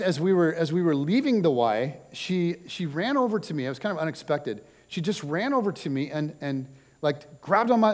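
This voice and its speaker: A middle-aged male pastor with a slightly raised pitch, talking through his sermon in a loose, chatty way full of little asides and dry jokes. His voice rings out with a long reverb from a church hall. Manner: casual and chatty, with many fillers and wry jokes. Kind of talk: conversational sermon. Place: church auditorium.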